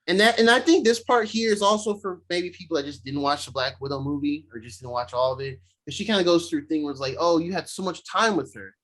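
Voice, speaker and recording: Man, fairly high voice, podcast co-host, casual recap, acts out character lines. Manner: animated retelling, slipping into quick voices for the characters. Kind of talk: casual chat recapping a show.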